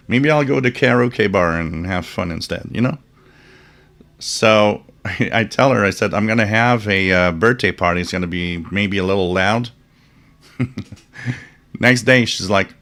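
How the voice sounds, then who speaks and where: A man's voice: fairly low pitch, moderate pace, gravelly, fairly bright tone. A man hosting a live stream, telling rambling stories with chuckles and fillers and reading out viewer comments. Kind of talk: casual chat.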